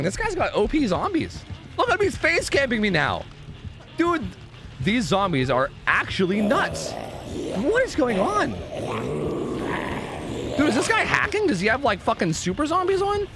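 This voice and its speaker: A young man streaming gameplay, swearing a lot and swinging between shocked yells and low mumbled asides. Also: wildly swooping pitch, moderate pace, long pauses. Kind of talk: live gameplay commentary. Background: game music.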